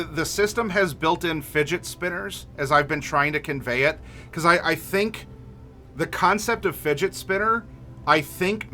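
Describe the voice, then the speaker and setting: A man's voice: fairly high pitch, pushed and bright. A man casually chatting on a livestream, reading viewer messages aloud and rambling with lots of filler words. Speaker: streamer reading chat.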